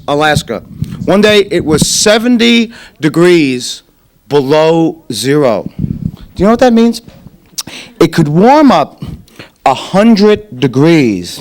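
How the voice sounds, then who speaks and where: A man performing a stand-up comedy set in a club, animated and punchy, with mock-exasperated rants. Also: a little high, a little hiss or hum.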